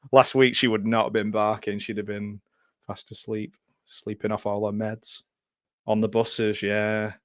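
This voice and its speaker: A man's voice: fairly low pitch, little pitch movement, unhurried, dry recording, studio quality. A man hosting a casual live film commentary from home, chatty and often laughing. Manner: chatty, laughs often, loose aside-filled talk. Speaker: host.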